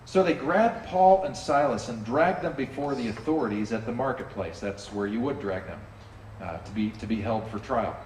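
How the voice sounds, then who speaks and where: A man preaching a sermon to a congregation in a relaxed, conversational way, often asking listeners to join in. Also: mid-range voice, moderate pace, a little hiss or hum. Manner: conversational, animated, drops in playful character asides. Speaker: pastor. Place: church sanctuary with a congregation. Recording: roomy hall, distant mic, faint ambience.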